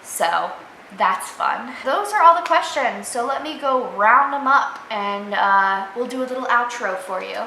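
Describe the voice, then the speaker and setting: A woman's voice: a little high, lively intonation, measured pace, gravelly, bright, forceful tone. A young woman vlogging casually about her pet rabbit, chatty and gushing. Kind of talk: casual pet tag vlog. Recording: echoey room, faint noise.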